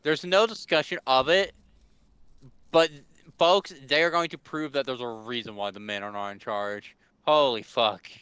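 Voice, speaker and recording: A man's voice: mid-range voice, normal speed, a bit bright, clean tone, dry recording. A man co-hosting a podcast, mostly chiming in with short agreements and wry remarks. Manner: short backchannels and wry interjections. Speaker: podcast co-host. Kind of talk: casual chat.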